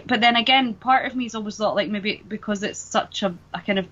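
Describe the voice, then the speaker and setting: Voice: mid-range voice, a little fast, fairly bright tone, lo-fi sound. A podcaster, chatting in an easygoing way. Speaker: podcast co-host. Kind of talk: casual chat.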